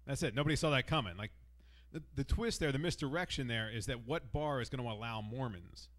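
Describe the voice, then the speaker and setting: A man doing stand-up at an open mic, dry and self-mocking as he works through his jokes. His voice sits at an ordinary middle pitch. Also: brisk, fairly bright tone. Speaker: stand-up comic. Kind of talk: stand-up set.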